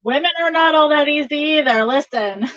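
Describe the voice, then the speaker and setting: A woman's voice: high-pitched, moderate pace, a bit bright, dry recording, dull audio. A woman tarot reader chatting casually on a livestream, laughing often between remarks.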